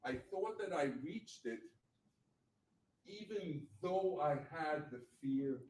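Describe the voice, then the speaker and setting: A man's voice: on the high side, animated, takes it slowly, darkish tone. A man in his sixties telling a blunt, profane, motivational personal story as a guest speaker at a meetup. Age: 60s. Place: event venue. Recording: echoey room mic from far off with faint noise.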